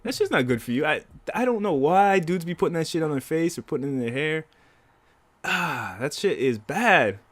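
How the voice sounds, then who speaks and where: Young man, podcast co-host, lively swinging voice, a bit high, laughs a lot, faint music behind. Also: normal speed. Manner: animated, laughs a lot, swears freely. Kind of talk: casual chat.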